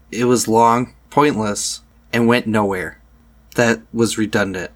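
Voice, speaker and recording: A man giving a podcast outro in a dry, deadpan way. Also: medium pitch. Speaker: podcast host.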